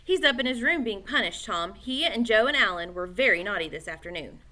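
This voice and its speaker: Woman voicing a measured storybook mother, lower and steady. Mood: stern. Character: stern but calm mother of a boy.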